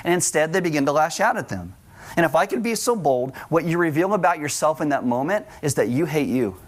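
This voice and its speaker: Joking, conversational pastor preaching. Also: male voice, on the high side, expressive, fairly quick. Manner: conversational, joking asides to the congregation. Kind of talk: sermon.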